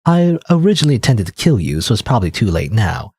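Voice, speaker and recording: A man reading the lines of a calm, otherworldly young woman in a visual novel, in his own voice with an even delivery. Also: mid-range voice, fast talker, lightly acted.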